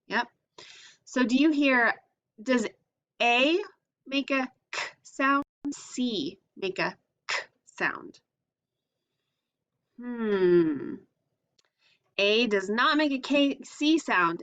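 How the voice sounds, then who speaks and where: Slow, patient woman teaching phonics. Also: on the high side, a bit bright, highs cut off. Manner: slow, patient, sounds out letters and asks questions. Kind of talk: phonics lesson for young children.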